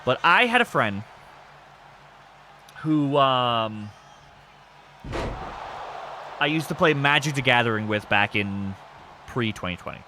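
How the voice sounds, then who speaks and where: A man with a stuffy nose, commentating a wrestling game on a livestream in an excitable, laughing, swearing way and shouting when the action picks up. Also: mid-range voice, unhurried, pauses often, a little hiss or hum.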